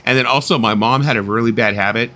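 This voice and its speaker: A man's voice: medium pitch, fast talker, bright, forceful tone. A middle-aged man hosting a casual live-stream chat, swearing freely, laughing often and slipping into voices when he tells stories. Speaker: host.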